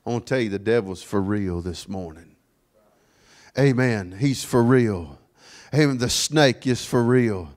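A man preaching a sermon in a church, sprinkling his talk with amen and praise God, swinging from quiet asides to raised, ringing declarations. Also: on the low side, a little slow. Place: church sanctuary.

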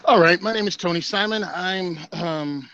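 A man from Southern Virginia, a guest on a podcast, telling his story in a relaxed, country-style casual chat over a video call. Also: high-pitched, moderate pace, no echo, highs cut off.

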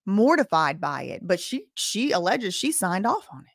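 A woman's voice: medium pitch, sing-song, moderate pace, no echo, clean studio sound. A woman commenting skeptically on a live stream, weighing claims and mocking what she doubts.

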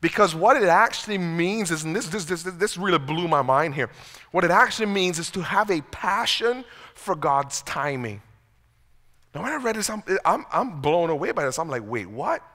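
Bright-voiced man preaching in a reverberant hall. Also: high-pitched, lively intonation, moderate pace. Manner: conversational, self-deprecating, repeats words when starting sentences. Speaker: pastor. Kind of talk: sermon. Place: church sanctuary. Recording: long reverb of a church hall.

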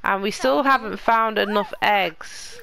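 A woman's voice: medium pitch, measured pace, vocal fry, sharp tone. A woman hosting a let's play, chatting casually to the characters in her game as she plays. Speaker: gaming channel host.

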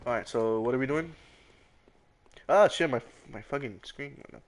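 A man chatting casually with a friend while streaming a game, excitable and crude, repeating words in quick bursts. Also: medium pitch. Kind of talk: casual gaming chat with a friend.

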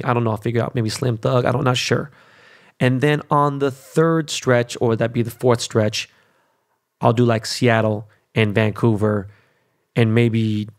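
Gravelly-voiced man ranting casually. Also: medium pitch. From Los Angeles. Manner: blunt, swearing, animated rants. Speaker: podcast host. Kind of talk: casual profane monologue.

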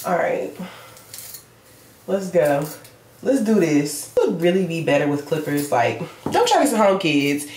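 A woman's voice: sits low, sing-song, a little slow, long pauses, a little mellow. A young woman, chatting casually to her viewers in a home vlog. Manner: chatty, talks straight to viewers as "y'all". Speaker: beauty vlogger. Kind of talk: casual vlog chat to camera. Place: at home, indoors. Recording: roomy home recording with faint noise.

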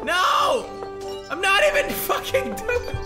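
A man with a Swedish accent, a native Swedish speaker, giving gaming commentary, raging, swearing and yelling at the game. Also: extremely high pitch, big pitch swings, slow. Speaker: gaming video creator. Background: game music.

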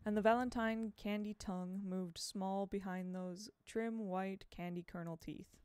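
Smooth-voiced woman reading a novel. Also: mid-range voice, dry recording, studio quality. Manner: measured, expressive. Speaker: audiobook reader.

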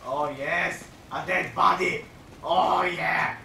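A man's voice: high-pitched, steady tone, slow pace, gravelly, pushed and bright. A teenage boy hosting a casual gaming video, goofing around, joking, swearing and laughing often. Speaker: gameplay host. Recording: roomy, distant mic, noisy background.

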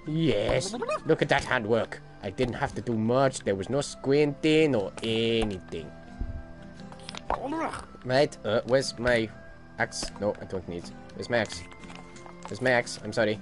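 A man narrates his own gameplay at an unhurried pace. His voice swings widely in pitch as he swears, laughs and shouts at the game. Faint game music runs beneath him. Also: animated. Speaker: let's play gamer. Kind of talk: gaming commentary.

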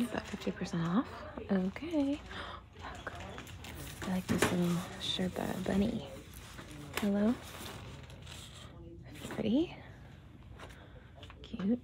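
A woman filming a casual shopping vlog. She talks from her car, then murmurs half-whispered comments as she browses a quiet store. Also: mid-range voice, noisy background. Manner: chatty, gushing over cute finds. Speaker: shopping vlogger.

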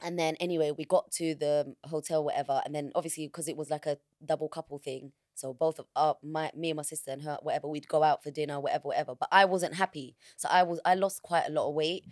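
Frank low-voiced woman. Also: fairly even intonation, fast talker, hardly any pauses, a little mellow, dry recording, clean studio sound. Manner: frank, slangy, vivid retelling. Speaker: podcast guest. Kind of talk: candid personal storytelling.

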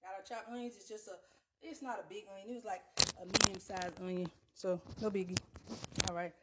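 Woman, chatty livestream cook, lapel mic, home kitchen, loud background noise. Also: medium pitch, fairly even intonation, a little fast. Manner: chatty, addresses viewers as y'all, Southern US Black vernacular. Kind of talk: casual cooking livestream.

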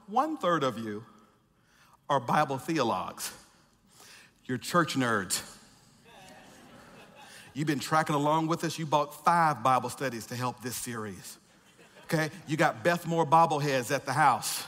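A man preaching a sermon as pastor, building to repeated shouted refrains and dropping to quiet joking asides. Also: on the high side, animated, unhurried, pauses often. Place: large church sanctuary. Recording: reverberant church hall.

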